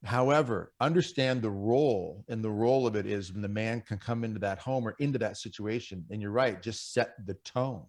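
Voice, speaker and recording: A man's voice: lowish voice, a little fast, hardly any pauses. A middle-aged man, a guest on a Catholic radio show, telling stories and earnestly urging other men on over a studio microphone. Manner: earnest, exhorting, anecdotal. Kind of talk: conversational faith radio talk.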